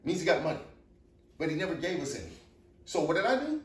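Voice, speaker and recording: Blunt, animated middle-aged man, roomy echo. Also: a little high, quick pace. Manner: blunt, profane storyteller, animated. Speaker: guest, father of the host. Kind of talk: casual podcast chat. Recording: roomy echo, distant mic, faint noise.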